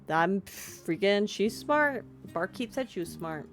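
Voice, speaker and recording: A woman's voice: mid-range voice, animated, slow pace, soft background music. A woman streamer playing a story game, reading the text aloud and chatting in a casual, self-deprecating, giggly way. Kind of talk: casual let's-play commentary and narration.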